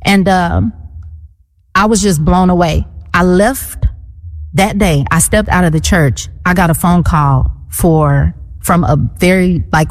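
A woman in her thirties tells her testimony in an interview, her voice on the lower side. She is animated and acts out the people in her story. The sound has a long reverb trailing behind it. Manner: animated storyteller, acting out quotes. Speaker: guest.

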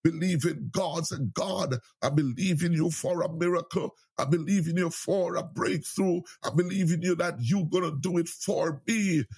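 A man's voice: fairly high pitch, moderate pace, vocal fry, few pauses, darkish tone, breathy edge. A man preaching a sermon with fervent, repetitive exhortations and frequent cries of praise.

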